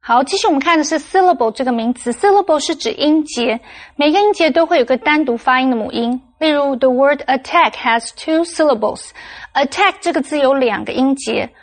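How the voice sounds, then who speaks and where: High-voiced female vocabulary teacher. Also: brisk. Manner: clear, instructive, steady explanations. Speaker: language teacher explaining English vocabulary. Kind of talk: scripted vocabulary lesson.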